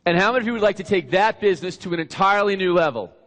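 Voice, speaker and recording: A man's voice: high-pitched, expressive, rapid-fire, a bit bright. A man introducing a speaker on stage, hyping him up and asking the audience questions. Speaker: event emcee. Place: large hall with a live audience. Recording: long hall reverb.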